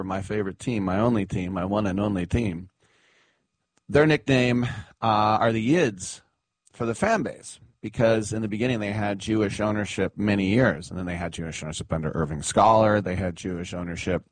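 A man's voice: on the low side, dry recording. A man hosting a radio show, chatting casually and rambling with fillers. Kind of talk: casual sports radio chat.

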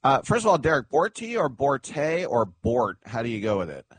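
A man's voice: medium pitch, sing-song, moderate pace, breathy edge, no room sound. A man hosting a radio show, chatting casually and rambling with fillers. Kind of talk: casual sports radio chat.

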